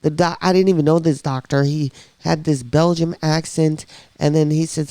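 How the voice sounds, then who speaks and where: A middle-aged woman telling her own story in a casual interview, animated, blunt and candid. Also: deep voice, moderate pace, no echo. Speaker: podcast guest sharing her diagnosis story.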